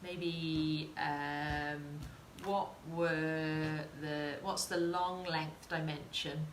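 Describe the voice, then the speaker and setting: This craft tutor speaks very slowly in a low voice with little pitch movement, and there's slight background noise. Chatty and encouraging, she leads a live sewing demo and talks with viewers in the chat. Her sound carries a roomy echo over faint ambience.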